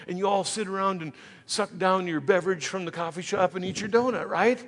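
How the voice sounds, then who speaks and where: A man preaching a sermon as pastor, conversational, slipping into quick voices of imagined listeners. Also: high-pitched. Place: church sanctuary. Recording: church hall with long reverb.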